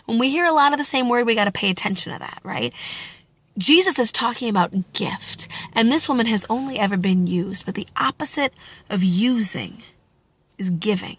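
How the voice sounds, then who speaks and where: A woman giving an animated, chatty reflection on a gospel passage, acting out the people she talks about. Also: a little high, moderate pace, breathy edge, no room sound. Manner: animated, chatty, acts out quotes. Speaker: Catholic speaker.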